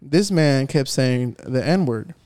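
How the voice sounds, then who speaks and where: A young man from Texas telling a night-out story among friends, animated and profane, with Spanish fillers in his English. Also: mid-range voice, slow. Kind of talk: casual chat among friends.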